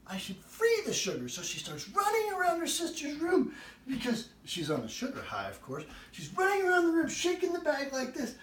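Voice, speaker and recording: With an extremely high-pitched voice and a fairly quick pace, a man hosts a cooking show from his home kitchen, baking while animatedly telling a funny family tale. The recording is echoey and distant, carrying slight background noise.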